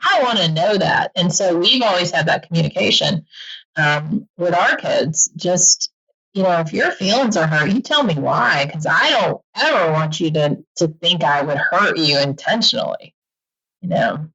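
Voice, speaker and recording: Woman guest chatting on a podcast, lowish voice, lots of laughs and quick quoted asides, kinda muffled lo-fi sound. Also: animated, a bit bright, husky. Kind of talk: casual interview chat.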